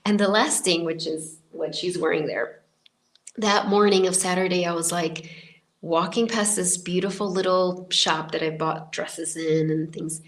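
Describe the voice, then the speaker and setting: A woman in her fifties talks through a personal story in a relaxed, meandering way, her voice sitting on the low side for a woman. She keeps circling back with fillers and restarts, in the easy tone of a podcast host speaking to her regular listeners. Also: unhurried. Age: 50s. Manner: chatty and rambling, many filler likes and restarts.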